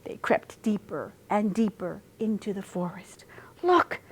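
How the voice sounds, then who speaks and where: A woman reading a picture book aloud at storytime, expressive and sing-song through the rhymes. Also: mid-range voice, a little slow, husky. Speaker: storytime reader.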